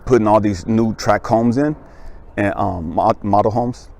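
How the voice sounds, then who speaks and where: Speaking at a measured pace in a gravelly voice, this motivational speaker and life coach shares a story from his own life. He's casual and animated, laughs and checks in with his listener, and his voice leaps much higher and louder on emphatic points.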